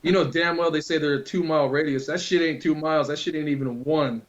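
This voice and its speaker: A man's voice: on the high side, fairly even intonation, fast. Profane, rambling man on a muffled recording. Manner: loose, profane storytelling. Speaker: podcast co-host telling a prank story. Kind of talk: casual chat. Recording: dull lo-fi recording.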